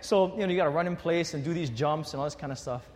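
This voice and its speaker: A man preaching a sermon to his congregation, shifting from quiet, earnest appeals to animated storytelling. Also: on the high side, quick pace. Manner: animated storytelling with acted quotes. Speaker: pastor. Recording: long hall reverb.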